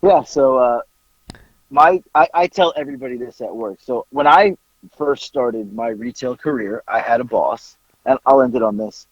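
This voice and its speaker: A man on a podcast telling a casual story, animated, acting out bits of dialogue and swearing casually. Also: mid-range voice, normal speed, no room sound, lo-fi sound. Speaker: podcast co-host.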